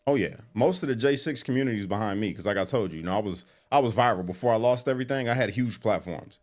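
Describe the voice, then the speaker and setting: A man guest telling an animated story in casual talk. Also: on the low side. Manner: animated, quick storyteller who acts out quotes. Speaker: interview guest.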